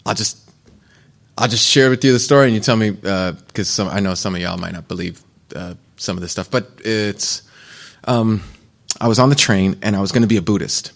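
A man's voice: fairly low pitch, fairly quick, gravelly. A man in his forties or fifties from the United States, giving a candid, conversational personal testimony as a retreat speaker. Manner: candid, conversational, loose storytelling.

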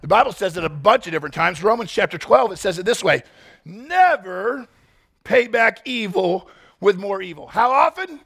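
A male pastor delivering a sermon, acting out quick scenes as he speaks. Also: sits high, vocal fry. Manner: animated, acts out quick scenes and voices. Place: church.

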